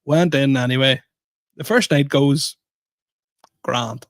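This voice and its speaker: A man's voice: medium pitch, slow, no echo. A man co-hosting a podcast, telling a story in casual chat and poking fun at himself. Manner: animated, self-mocking storyteller. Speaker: podcast co-host.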